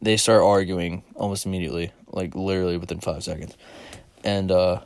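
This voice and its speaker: Guy rambling through a story, lots of swearing, kinda low voice, dead dry room. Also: fairly even intonation, brisk, darkish tone, no room sound. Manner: rambling, profane, amused. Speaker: podcast host. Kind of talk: casual storytelling chat.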